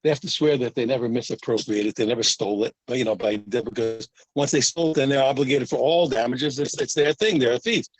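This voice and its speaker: A man's voice: medium pitch, fast talker, hardly any pauses, no room sound, rough recording. A man teaching a daily Talmud lesson, explaining the cases by acting out both sides of each argument and often repeating words as he goes. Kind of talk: daf yomi Talmud lesson.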